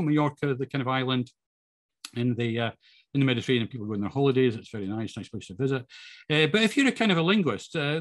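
A man's voice: medium pitch, fairly bright tone. A middle-aged man with a Scottish accent gives a chatty, rambling talk to an audience with slides, full of ums, restarts and self-deprecating jokes. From Scotland. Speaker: guest speaker.

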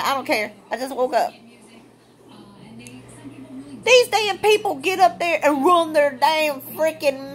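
A woman with a high voice vents to her viewers. She is blunt and heated and swears freely, in a casual opinion rant. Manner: blunt, profane, fired-up. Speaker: vlogger.

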